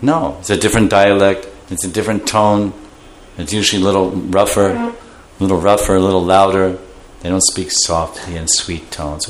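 Lowish guy teaching a scripture class, lively, does little voices, slight background noise. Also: moderate pace. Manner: animated, acts out voices while explaining terms.

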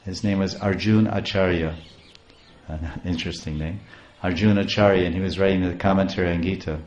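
A man preaching a devotional story, halting and repeating words as he goes. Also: sits low, fairly even intonation, darkish tone, lo-fi sound, slight background noise. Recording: roomy echo.

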